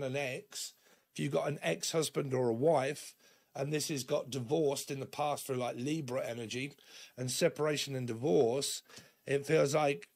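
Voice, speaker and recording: A man's voice: medium pitch, vocal fry, darkish tone. A man giving a casual, rambling tarot reading. He laughs often and acts out little imagined conversations. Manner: acts out imagined dialogues in shifting voices. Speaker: tarot reader.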